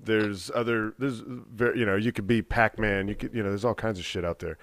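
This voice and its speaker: A man's voice: lowish voice, a little fast, dry recording. Profane man telling a rambling story. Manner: rambling, profane, animated retelling with quoted dialogue. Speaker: podcast co-host. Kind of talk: casual storytelling.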